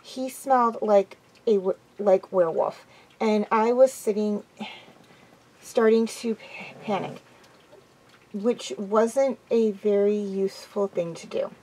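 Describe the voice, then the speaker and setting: A woman reading a first-person amateur audiobook in a quiet, even way. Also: mid-range voice, slow, low-quality recording. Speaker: audiobook reader.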